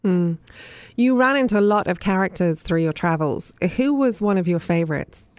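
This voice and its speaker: A woman's voice: mid-range voice, animated, normal speed, a little mellow, slight background noise. Hesitant woman radio host. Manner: hesitant, many fillers. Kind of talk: radio interview.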